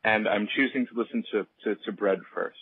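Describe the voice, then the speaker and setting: A man's voice: fairly low pitch, fairly even intonation, brisk, slightly rough, no room sound. A man speaking as a guest on a casual podcast, dry and playful. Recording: tinny, phone-like dry audio.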